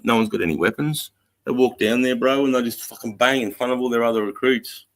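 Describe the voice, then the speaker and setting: A man's voice: medium pitch, fast talker, no room sound. A middle-aged Australian man and former army instructor, telling stories in casual chat, swearing often and laughing. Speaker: podcast co-host, ex-army instructor.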